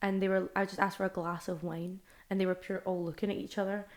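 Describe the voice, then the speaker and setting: A woman's voice: mid-range voice, level tone, fast talker. A young adult woman with a Scottish accent, a musician chatting casually as a podcast guest, rambling with many fillers and restarts. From Scotland.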